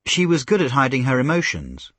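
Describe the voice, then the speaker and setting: A man reading example sentences in a clear dictionary style. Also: medium pitch, huge pitch swings, fairly quick, fairly bright tone, no room sound. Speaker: vocabulary reader.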